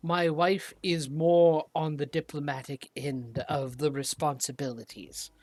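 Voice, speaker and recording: GM voices a proud gnome warrior chief: low-key, stern, halting, slow, dry sound. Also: no room sound. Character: proud male deep gnome warrior leader.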